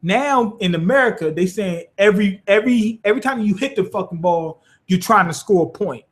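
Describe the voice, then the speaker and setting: A man's voice: high-pitched, expressive, fairly quick. A man recapping an anime episode in loose, profane casual talk, acting out moves as he explains them. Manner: loose and profane, demonstrating with gestures. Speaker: anime reviewer. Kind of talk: casual spoken episode review.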